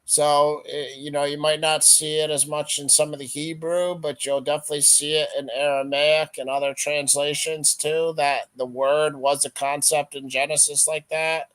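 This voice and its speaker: A man with a fairly high voice argues his point in a casual panel debate. He speaks animatedly and slips into quick imagined back-and-forth exchanges. The sound is dry and close. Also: level tone, fairly bright tone, dry recording. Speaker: Christian apologist on an open panel.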